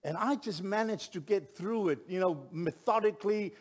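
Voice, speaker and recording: A middle-aged man, a pastor telling a story in a sermon with lively, building delivery. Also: sits high, normal speed. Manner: animated storyteller, rising to shouts at climaxes.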